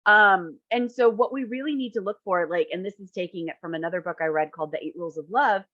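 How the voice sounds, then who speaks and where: A woman therapist and matchmaker in casual panel chat, blunt and animated, acting out what clients say. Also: medium pitch, fast, no room sound, highs cut off. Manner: animated, blunt, acts out quotes.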